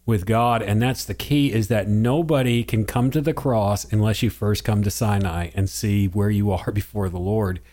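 A man's voice: fairly low pitch, steady tone, moderate pace, hardly any pauses, warm tone. A man co-hosting a casual conversation, reflective and teacherly with some joking.

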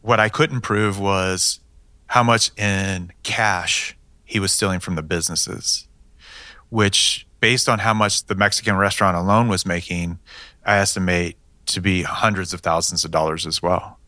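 A man's voice: deep voice, steady tone, unhurried, bright, forceful tone, dry recording. A man, a police detective, telling his case in a matter-of-fact way with dry humor. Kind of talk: storytelling interview answers.

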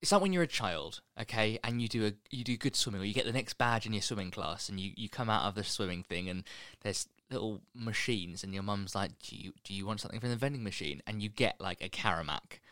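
A man's voice: lowish voice, lively intonation, fast talker, fairly bright tone, dry recording, clean studio sound. A young man, co-hosting a podcast, chatting bluntly and swearing casually. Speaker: podcast co-host. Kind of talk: casual chat.

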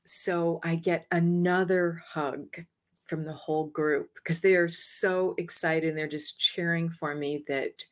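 Woman guest, lower voice, lively storyteller who acts out her own lines and laughs lightly. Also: a little slow. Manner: laughs lightly between phrases. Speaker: interview guest, energy healer. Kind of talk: personal storytelling.

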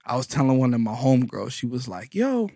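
A male comedian with a thick Bronx New York accent spins a story in a profane, slang-heavy style, riffing and doubling back on his own jokes. His voice sits at an ordinary male pitch. The recording is dry and close, with no room echo. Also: fairly even intonation, quick pace, creaky, mellow. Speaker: stand-up comedian.

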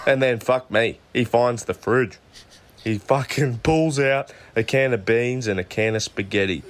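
A man's voice: mid-range voice, a little slow. An Australian man leaving a casual voice message, telling a rowdy story and swearing constantly. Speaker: caller sending a voice message.

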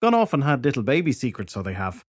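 A man's voice: medium pitch, wildly swooping pitch, fast, husky, dry recording, voice pushed up. A man voicing a dry, sarcastic fairy detective in an audiobook. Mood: sardonic. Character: sardonic fairy detective man, gruff, secretive.

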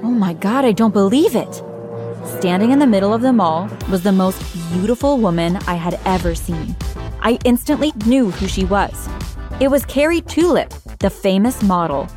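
A woman narrates a dramatic first-person story with plenty of expression. Her voice sits at an ordinary middle pitch. Quiet music plays underneath. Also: expressive, normal speed. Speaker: narrator voicing a teenage girl.

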